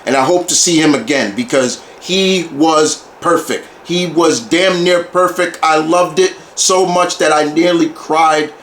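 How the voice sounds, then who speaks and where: Man, movie reviewer, enthusiastic fan, repeats himself, slightly high voice, echoey room, faint background hiss. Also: a little slow, few pauses, fairly bright tone. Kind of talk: casual video review monologue.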